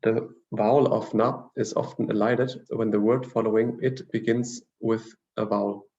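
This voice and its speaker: Male language teacher, dark gravelly tone, steady explanatory lecture, muffled lo-fi audio. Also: lowish voice. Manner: measured, explanatory, with frequent fillers and restarts. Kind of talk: lecture reading grammar notes.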